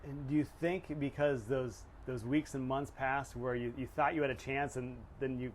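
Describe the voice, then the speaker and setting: A man's voice: mid-range voice, fairly even intonation, normal speed, a little hiss or hum. A man hosting a podcast interview, reflective and hesitant, thinking aloud with many restarts. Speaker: podcast host. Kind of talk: casual interview conversation.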